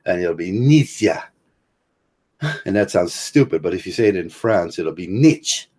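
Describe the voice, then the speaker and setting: Low husky-voiced Midwestern man rambling. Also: a little mellow. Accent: American Midwest. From Ohio, USA. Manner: halting, many fillers and restarts, chuckles often. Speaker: livestream host. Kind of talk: rambling livestream monologue.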